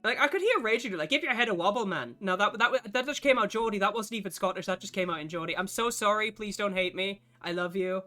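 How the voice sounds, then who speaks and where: A man's voice: high-pitched, fast, hardly any pauses, pushed and bright. A man, chatting casually and profanely with his stream chat while getting over a cough. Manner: rambling, profane and jokey, answers chat. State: lingering cough. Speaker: game streamer. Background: guitar music playing.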